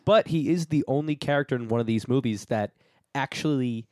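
A man's voice: mid-range voice, brisk, darkish tone, no echo, studio quality. A man co-hosting a podcast in casual, chatty conversation. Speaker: podcast co-host. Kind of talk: casual chat.

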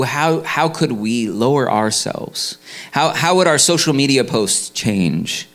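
A man's voice: mid-range voice, a bit bright. A man preaching a sermon in a conversational way, full of restarts and fillers. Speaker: pastor.

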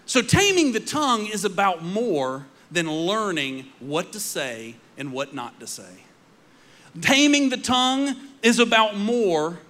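A man preaching a sermon, telling stories dramatically and dropping to quiet emphasis. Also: high voice.

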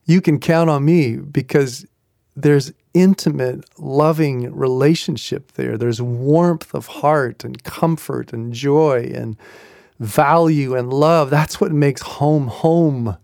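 A man's voice: mid-range voice, slow, gravelly, a little mellow, no echo, studio quality. A man hosting a devotional podcast, teaching in an earnest, reflective way and repeating key phrases. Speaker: podcast host and Christian teacher.

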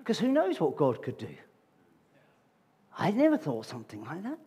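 A man delivers a sermon with a husky, slightly raised voice. He talks to the congregation in a conversational way and keeps asking them rhetorical questions. His words ring out with the long reverb of a large hall. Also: on the high side, huge pitch swings, normal speed, dark tone. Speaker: preacher. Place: church meeting hall.

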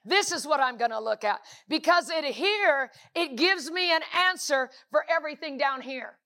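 A woman delivers a sermon in a high, bright voice. She speaks emphatically, hammering points home through repetition. She keeps asking rhetorical questions of the congregation. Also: animated, normal speed. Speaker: preacher.

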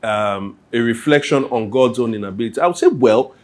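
Speaking fairly quickly with lively intonation, a man with a mid-range, slightly mellow voice takes questions at a church Q&A. He keeps it conversational and acts out ordinary moments using little quoted voices.

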